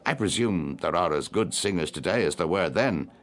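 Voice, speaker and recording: A man's voice: low-pitched, animated, moderate pace. A man voicing a young singer who is polite but careless and offhand.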